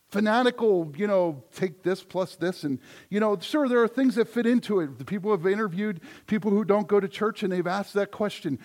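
A male pastor preaching a sermon, emphatic, moving between loud declarations and soft asides. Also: sits high, fairly quick, hardly any pauses.

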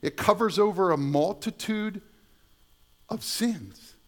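In a church sanctuary, a middle-aged male pastor preaches in a conversational style, repeating words and tossing in asides. His voice sits high and his delivery is slow.

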